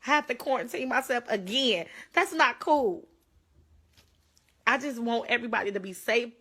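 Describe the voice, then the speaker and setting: A woman's voice: on the high side, fast talker, pushed and bright, a little hiss or hum. A young woman pleading urgently into her phone on a livestream, holding back tears. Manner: urgent, pleading, tearful at times. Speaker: livestreamer sharing her own illness.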